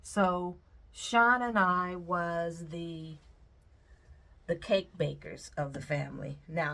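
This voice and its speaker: Chatty woman with a gravelly voice. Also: fairly low pitch, lively intonation, slow pace, sharp tone. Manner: chatty, reminiscing, laughs often. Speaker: vlogger. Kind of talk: casual chat while pouring paint.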